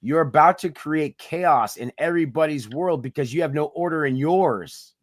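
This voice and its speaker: A man's voice: a little high, normal speed, no room sound, studio quality. A man co-hosting a casual motivational talk show, talking in a hyped, preachy, slangy way. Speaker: podcast co-host.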